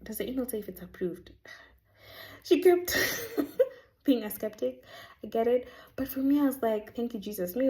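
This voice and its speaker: A woman, casually telling a faith story in a chatty, animated way. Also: fairly low pitch. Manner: chatty, animated, sprinkles in Swahili words. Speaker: vlogger sharing a faith testimony.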